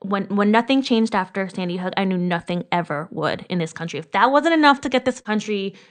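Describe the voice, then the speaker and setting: A woman's voice: medium pitch, expressive, brisk. A woman in her thirties from Connecticut, co-hosting a podcast in casual chat, speaking emotionally and swearing freely. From Connecticut, USA. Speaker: podcast co-host.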